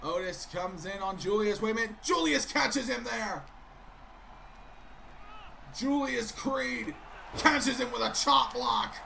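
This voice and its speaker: A man doing excitable play-by-play commentary of a wrestling video game, keeps breaking off with sudden interruptions. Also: very high voice, slow, vocal fry, pauses often, slight background noise.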